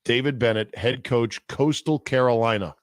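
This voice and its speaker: A man's voice: medium pitch, moderate pace, dry recording, studio quality. A man hosting sports radio, bantering and laughing with his co-hosts. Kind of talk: casual sports talk.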